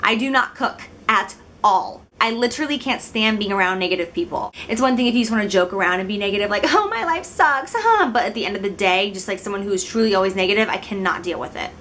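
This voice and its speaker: A woman's voice: medium pitch, quick pace, hardly any pauses, fairly bright tone, a little hiss or hum. A young woman in her twenties, from Illinois, talking casually to the camera in a chatty, giggly, self-deprecating way. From Illinois, United States. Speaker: beauty vlogger.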